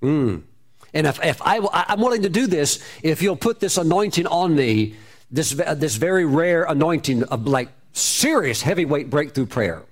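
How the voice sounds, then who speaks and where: Lively storytelling male preacher. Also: on the high side, normal speed. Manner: storytelling preacher, repeats phrases, rising and falling emphasis. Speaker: pastor. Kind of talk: sermon.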